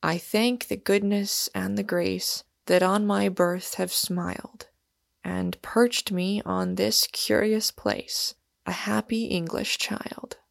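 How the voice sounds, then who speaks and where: A woman's voice: medium pitch, flat delivery, takes it slowly, gravelly, dry recording, clean studio sound. Woman voicing a stern, roguish young man. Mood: severe. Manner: severe, mocking authority.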